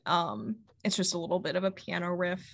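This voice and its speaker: A woman's voice: fairly low pitch, animated, a little fast, vocal fry. A woman co-hosting a casual music podcast, chatty and full of ums and likes. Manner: chatty, many ums and likes, laughs often. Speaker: podcast co-host. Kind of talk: casual music review chat.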